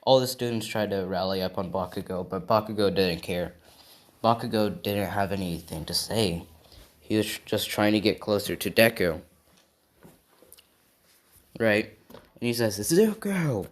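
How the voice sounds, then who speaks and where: A man improvising a fan-made story out loud, chaining events loosely with many "and he says" links. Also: on the low side, measured pace, pauses often.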